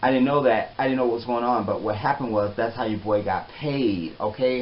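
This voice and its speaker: A man telling a personal story in a casual, animated way, often trailing off softly. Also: medium pitch, a little fast, hardly any pauses. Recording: slightly dull with faint hiss.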